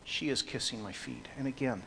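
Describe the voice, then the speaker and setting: A man preaching an expository sermon, swinging from hushed, slow passages to loud, emphatic ones. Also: mid-range voice, vocal fry, big-room sound, a little hiss or hum. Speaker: pastor.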